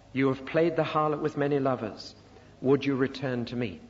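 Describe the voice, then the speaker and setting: A man's voice: mid-range voice, moderate pace. Older man preaching in a reverberant hall. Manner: emphatic, rising sharply on rhetorical questions. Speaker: Bible teacher. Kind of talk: sermon. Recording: muffled recording in a reverberant hall.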